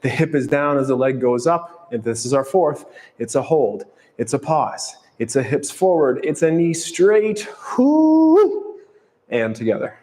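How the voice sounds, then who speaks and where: A man leads a barre workout with steady, calm cues and counts. His voice carries a long reverb from the studio space. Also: mid-range voice, normal speed, hardly any pauses. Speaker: fitness instructor. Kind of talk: follow-along workout cueing.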